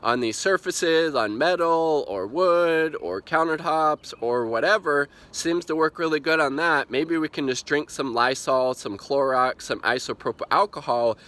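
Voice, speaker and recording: A man putting on a smug, boastful male president who brushes off criticism, in a higher, dismissive voice. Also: unhurried, few pauses, a bit bright.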